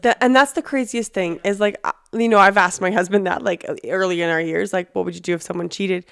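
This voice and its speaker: A woman's voice: medium pitch, steady tone, fast, vocal fry, a bit bright, clean tone, dry recording. A woman hosting a podcast, reflecting and reasoning aloud in casual conversation with fillers. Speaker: podcast host. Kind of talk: casual interview chat.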